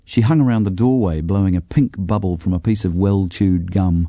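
A man narrating a children's storybook with an expressive, varied delivery. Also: low-pitched, normal speed, few pauses, no room sound, clean studio sound. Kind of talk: storybook reading.

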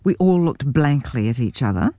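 Brief: New woman reading a memoir, low voice that rises and falls a lot, wry and self-mocking. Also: lively intonation, normal speed, dry recording, highs cut off. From New Zealand. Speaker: memoir narrator.

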